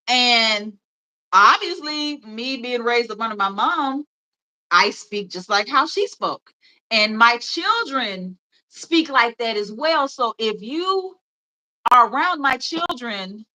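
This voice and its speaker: Bright-voiced Memphis woman chatting. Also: fairly high pitch, rough recording. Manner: rambling and chatty, with many fillers and laughs. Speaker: livestream host. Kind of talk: casual chat.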